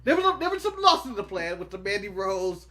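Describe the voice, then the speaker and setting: A man's voice: high voice, big pitch swings, fairly quick, pushed and bright. A man co-hosting a casual podcast chat, laughing often and joking around. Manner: laughing, jokey, acts out silly quotes. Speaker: co-host.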